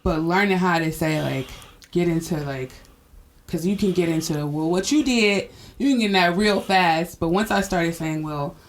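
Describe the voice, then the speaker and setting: A woman's voice: lowish voice, normal speed, slight background noise. A woman co-hosting a podcast, talking candidly about relationships, swearing freely and laughing often. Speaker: podcast co-host. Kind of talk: casual chat.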